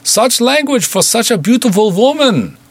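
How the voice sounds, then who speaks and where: A dour Russian heavy, voiced by a male narrator, speaking with a thick Russian accent and oily, mock-polite menace. The voice is pushed well above the narrator's own pitch, loud and husky, taunting from outside a door in an old-style audio serial. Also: very animated, normal speed, heavily acted. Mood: menacing.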